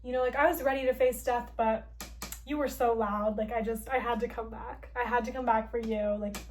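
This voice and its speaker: A brooding, guilt-ridden vampire hunter, as a young woman quotes him. The lines come out in a fairly high, casual voice, loosely paraphrased and dotted with "like". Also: fairly even intonation, fairly quick, a little hiss or hum, lightly acted. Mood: quoting.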